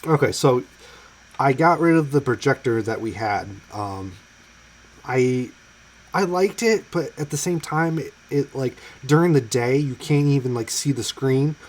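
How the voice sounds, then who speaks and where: A man of ordinary, mid-range pitch talks easily in a relaxed podcast conversation. He hesitates and restarts his sentences as he goes. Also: a little slow, poor audio. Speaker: podcast co-host. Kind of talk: casual chat.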